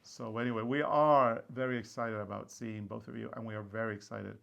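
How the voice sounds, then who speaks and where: Gravelly man leading a chatty podcast. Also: medium pitch, little pitch movement, brisk, fairly bright tone, lo-fi sound. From Norway. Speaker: podcast co-host. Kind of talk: casual chat.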